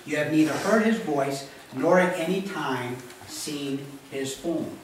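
A man's voice: a little high, slow, background noise. A male pastor giving a conversational teaching sermon and checking in with his congregation as he reads scripture. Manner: conversational teaching, often asking "Okay?". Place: church sanctuary. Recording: echoey room mic from a distance.

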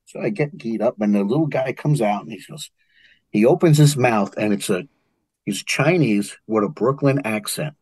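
A man's voice: mid-range voice, normal speed, slightly rough, no room sound. An older man with a New York accent, telling martial arts stories as a guest in an interview. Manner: animated storyteller, acts out quotes. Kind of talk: storytelling interview.

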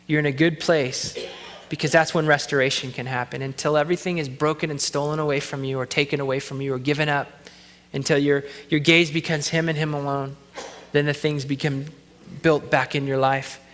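A man's voice: on the high side, level tone, a little fast, a bit bright, long reverb tail. A man pastor preaching a sermon, in an earnest, conversational way.

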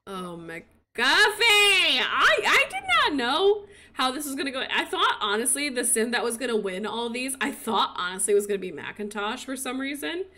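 A woman giving casual commentary on her own game, excitable and cheering as she plays. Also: high-pitched, moderate pace, a little hiss or hum. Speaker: gaming video creator.

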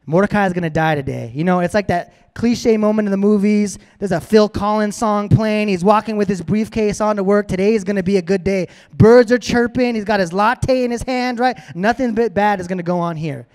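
Brief: casual, animated male preacher, higher-pitched voice. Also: brisk, few pauses. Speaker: pastor. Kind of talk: sermon.

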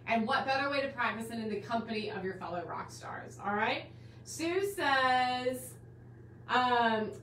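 A woman's voice: fairly high pitch, fairly bright tone. A woman hosting a live online quilting class stream, gushing and bubbly as she welcomes viewers and calls them guys and my dear. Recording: roomy, slightly distant with faint background hiss.

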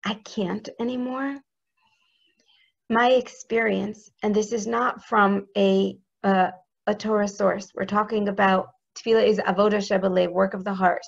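An earnest woman gives a heartfelt spiritual talk in a flat, gravelly voice. Her tone is intimate and close. The recording sounds somewhat dull and lo-fi. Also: medium pitch. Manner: intimate, earnest, speaks prayers aloud. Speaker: religious teacher.

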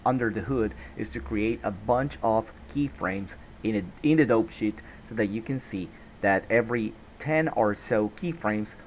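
Man explaining software step by step. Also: on the low side, slight background noise. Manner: patient, explanatory, checks in with "okay?". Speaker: software tutorial instructor. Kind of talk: screen-recorded tutorial narration.

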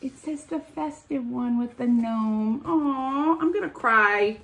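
A woman's voice: high voice, takes it slowly, a bit bright. A woman vlogging as she opens gifts, gushing and gasping with delight. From United States. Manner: gushing, gasping, breathy exclamations. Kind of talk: casual unboxing chat.

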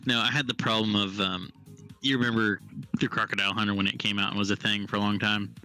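Bright-voiced blunt man. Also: on the low side, flat delivery, fast talker, soft background music. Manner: blunt, opinionated storytelling. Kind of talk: casual chat.

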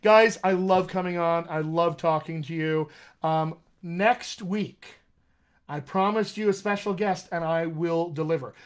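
American man, fairly high voice, rambling and friendly as he hosts a live-stream coaching session. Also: steady tone, a little slow. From United States. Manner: chatty, rambling, addresses viewers by name. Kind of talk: casual live-stream chat to viewers.

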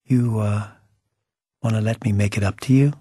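Un uomo che dà voce a un giovane prigioniero americano, sfacciato e seducente, che strascica le parole. La voce è un po' roca, registrata asciutta, da audiolibro. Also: male voice, lowish voice, fairly even intonation, moderate pace, mellow, breathy edge, no echo, clean studio sound. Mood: flirtatious.

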